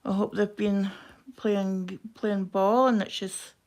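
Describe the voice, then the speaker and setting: A woman with a broad Scottish accent chatting quickly and casually to viewers on a live craft stream while she stitches. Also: mid-range voice, flat delivery, darkish tone. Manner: quick-talking, chatty, self-deprecating. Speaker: craft livestream host.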